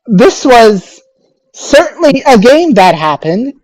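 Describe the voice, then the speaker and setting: A woman's voice: very animated, slow, a little mellow, dry recording, poor audio. A woman making a solo reaction video, incredulous and exasperated, stammering and repeating herself in disbelief. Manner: stammering restarts, sudden high squeaks. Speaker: video creator reacting to a competitive battle.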